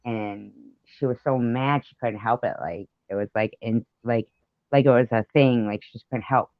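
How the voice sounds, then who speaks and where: A man's voice: mid-range voice, moderate pace, no room sound, muffled recording. A man hosting a live stream, rambling through a story in casual chat with lots of fillers and the odd swear word.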